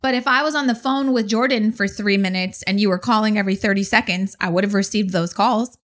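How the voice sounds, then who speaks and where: A woman co-hosting a casual chat, retelling a story in an animated, emphatic way with blunt swearing. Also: mid-range voice, a little fast. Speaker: podcast co-host.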